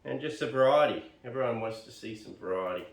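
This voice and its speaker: An Australian bonsai vlogger rambles casually as he pots plants, chatting, muttering to himself and joking at his own expense. His voice is medium-pitched with vocal fry, and he talks fairly quickly. The mic sits at a distance, giving a roomy sound.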